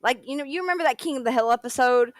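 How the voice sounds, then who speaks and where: A woman's voice: high voice, very fast, no room sound. A young woman co-hosting a casual chat, playful and chatty with lots of 'like'. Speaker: co-host.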